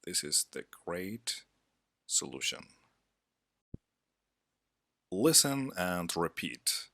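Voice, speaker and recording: A man narrating a scripted English lesson as a teacher, with a measured, deliberate instructional delivery. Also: deep voice, a bit bright, no echo.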